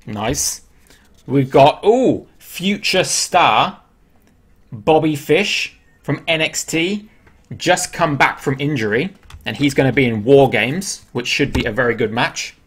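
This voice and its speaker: An Englishman hosting a live stream, talking in a loose, chatty way at an ordinary middle pitch. He answers viewers' questions aloud as he goes and laughs easily at himself. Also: measured pace, husky. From England. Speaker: livestream host. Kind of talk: casual live-stream chat.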